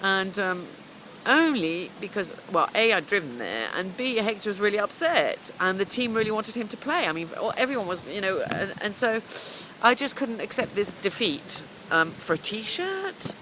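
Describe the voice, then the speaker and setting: A woman's voice: medium pitch, sing-song, moderate pace, pushed and bright, a little hiss or hum, rough recording. A middle-aged woman coach telling a long, rambling story in a casual vlog, chatting away as she goes. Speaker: business coach.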